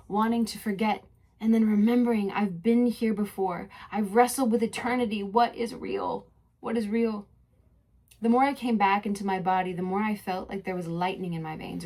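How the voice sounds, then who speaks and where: A young woman telling a deeply personal story on her podcast. Her voice is soft and introspective, and she sits at an everyday middle pitch. The delivery drifts between poetic narration and loose, chatty asides. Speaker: podcast host. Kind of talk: mix of reflective spoken narration and casual chat.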